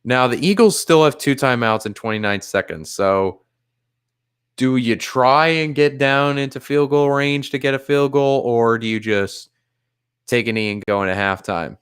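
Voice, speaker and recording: A man streaming live play-by-play commentary, narrating the game in a measured, plain way. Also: medium pitch, fairly bright tone, clean tone.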